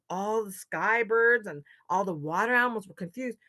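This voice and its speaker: A Canadian woman storyteller recounting a traditional legend to listeners. Her telling swells and softens expressively, with a voice of ordinary middle pitch. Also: normal speed, no echo. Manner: expressive, dramatic dynamics. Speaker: storyteller, knowledge keeper. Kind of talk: oral storytelling to an audience.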